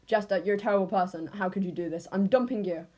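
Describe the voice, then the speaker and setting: A woman voicing an indignant female warrior cat in a storybook retelling, speaking in a rushed, scolding way. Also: medium pitch, darkish tone, lightly acted. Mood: outraged.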